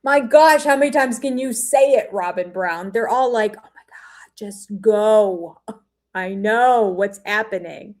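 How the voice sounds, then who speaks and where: A woman's voice: mid-range voice, a little slow. An older woman hosting a reaction commentary, skeptical and scoffing, laughing often, on a laptop mic. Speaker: reaction host.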